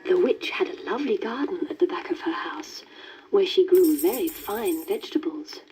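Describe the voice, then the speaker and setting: A woman reading a children's storybook aloud in a gentle, lilting manner. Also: fairly low pitch, expressive, normal speed, soft background music. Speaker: story reader. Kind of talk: scripted storybook narration. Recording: dull worn vinyl record with faint hiss.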